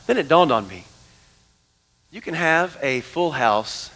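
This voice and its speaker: A man preaching a sermon as pastor, animated, dropping to hushed tones for emphasis. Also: a little high, slow pace. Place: church sanctuary. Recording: long church hall reverb.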